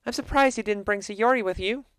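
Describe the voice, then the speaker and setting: Dude doing a friendly teen girl club leader from a game, high and bright. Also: a little fast, clean tone, no echo, clean studio sound. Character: poised, friendly teenage girl club president.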